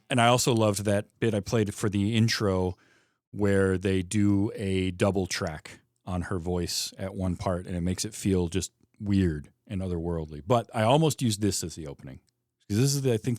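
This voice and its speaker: A man with a Michigan Midwest accent hosting a podcast, chatting about a film with quick, enthusiastic asides. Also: low-pitched, darkish tone, no room sound, studio quality. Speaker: podcast host. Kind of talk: casual film discussion.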